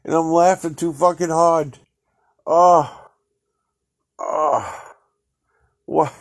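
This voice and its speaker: A man's voice: a little high, fairly even intonation, drawn-out words, pauses often. Profane, exasperated male podcast ranter. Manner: profane, exasperated, laughing ranting. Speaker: podcast host. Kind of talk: ranting solo podcast commentary.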